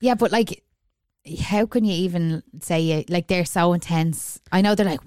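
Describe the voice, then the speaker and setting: A woman's voice: on the low side, moderate pace, a little mellow, no room sound, clean studio sound. A young Irish woman in casual, sweary podcast chat, laughing often. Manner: chatty, sweary, laughs a lot. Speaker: podcast co-host.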